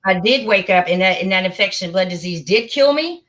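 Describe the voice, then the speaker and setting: A woman's voice: mid-range voice, animated, brisk, a bit bright. A middle-aged woman hosting a casual livestream chat, emphatic and repetitive, often talking over her guest. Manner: emphatic, repeats words, talks over guest. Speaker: livestream host.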